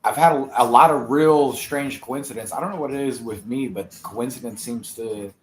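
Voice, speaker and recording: A male magician guest speaking in a middle pitch, halting and restarting as he thinks. His voice comes through an echoey room with faint background noise. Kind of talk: casual live-stream interview.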